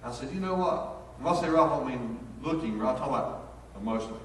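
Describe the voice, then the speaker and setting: A man's voice: medium pitch, lively intonation, fast, fairly bright tone, a little hiss or hum. A man, a pastor preaching a sermon in a folksy, storytelling way. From North Carolina, USA. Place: church sanctuary. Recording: echoey hall, picked up from far off.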